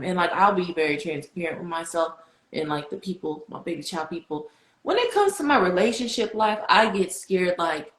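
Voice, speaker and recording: Woman on a podcast, kinda low voice, gets really animated telling stories. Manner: animated, storytelling, swings high when excited. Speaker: podcast guest speaker. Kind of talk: casual faith chat. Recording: echoey room.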